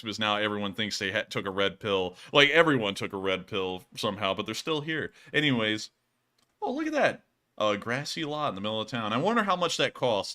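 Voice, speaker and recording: A man hosting a casual livestream, joking and saying "y'all". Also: fairly low pitch. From Alabama, US. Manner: joking, animated, drawling "y'all". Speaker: host.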